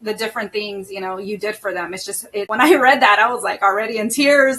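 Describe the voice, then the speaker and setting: Middle-aged woman host, bright tone, warm emotional chat full of fillers and laughs. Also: medium pitch, fairly quick, few pauses, a little hiss or hum. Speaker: podcast host. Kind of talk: casual chat.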